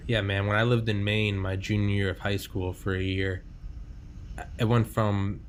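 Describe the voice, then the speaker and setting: A man's voice: fairly low pitch, level tone, normal speed. A man from New England hosts a casual podcast interview. His talk is rambling and jokey, with plenty of swearing. A faint background noise sits under his voice. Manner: rambling, joking, swears freely. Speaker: podcast host.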